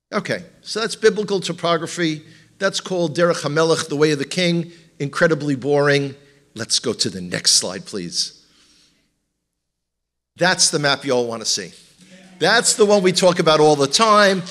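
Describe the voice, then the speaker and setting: A man with an Israeli accent teaches from slides in front of a congregation. His voice sits fairly high for a man. He keeps the talk light with wry jokes and teasing asides to the audience. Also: a bit bright. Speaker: tour guide and guest speaker.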